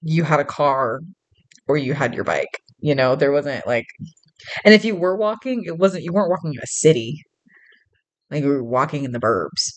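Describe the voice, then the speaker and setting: Low-voiced chatty woman telling a story. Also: lively intonation, normal speed. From suburbs, grew up in. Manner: chatty, laughs often, many restarts and fillers. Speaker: vlogger. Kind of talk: casual storytelling monologue.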